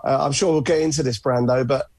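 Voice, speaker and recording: A man's voice: medium pitch, fairly even intonation, fast, a little mellow, breathy edge, no echo. A man with a North London accent, a podcast guest telling stories in a chatty, easygoing way. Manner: chatty storyteller, many uh fillers. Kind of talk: casual podcast chat.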